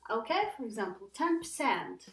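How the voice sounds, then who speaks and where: A woman teaching an English pronunciation lesson, patiently repeating words slowly for learners to copy. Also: on the high side, big pitch swings, reverberant, soft background music, low-quality recording.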